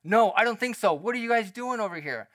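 A man's voice: high-pitched, lively intonation, fast, fairly bright tone, pitched above the performer's own voice. A man voicing haughty, scornful male religious leaders who pressure others with mocking questions. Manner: mocking, sneering.

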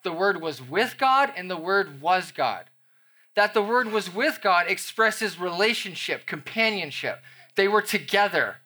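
Bright, lively man preaching a sermon. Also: sits high, measured pace. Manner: energetic, conversational preaching with playful asides. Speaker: pastor.

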